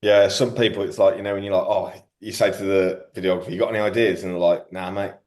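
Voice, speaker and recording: A man's voice: deep voice, steady tone, quick pace, darkish tone. A man hosting a podcast, chatting casually with lots of slang and banter. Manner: banter-heavy, slangy, joking. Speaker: podcast host. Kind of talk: casual chat.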